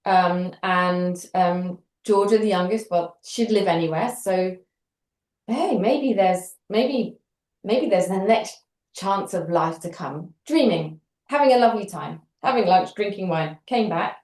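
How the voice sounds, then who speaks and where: A middle-aged British woman telling a story in an interview, animated and wry, acting out the dialogue as she goes. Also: on the low side, unhurried. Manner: animated, acts out quoted dialogue with wry humour. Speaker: interview guest. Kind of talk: conversational storytelling. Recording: roomy echo.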